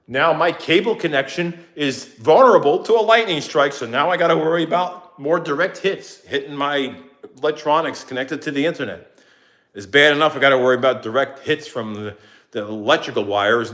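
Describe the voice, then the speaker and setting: A middle-aged man ranting in a casual, rambling way to his viewers, acting out what others said. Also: fairly high pitch. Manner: animated, rambling, acts out quotes. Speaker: vlogger.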